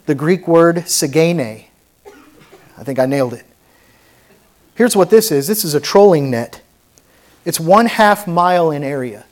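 High-voiced preacher, fervent. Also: male voice, expressive, a little slow, pauses often. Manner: preaching with rising intensity, conversational asides. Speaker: pastor. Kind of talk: sermon. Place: church sanctuary.

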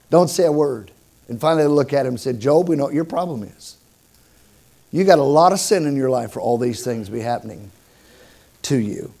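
A middle-aged man preaching a sermon, telling stories with humor and emphatic swings in loudness. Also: a little high. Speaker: pastor.

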